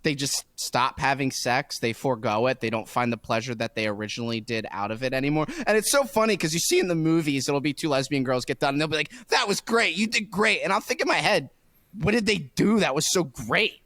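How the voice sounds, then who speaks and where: A man's voice: mid-range voice, lively intonation, a bit bright, no room sound. A man co-hosting a podcast, chatting casually, rambling and laughing as he tells stories. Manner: rambling, laughing, drawn-out storytelling. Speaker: podcast co-host. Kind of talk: casual chat.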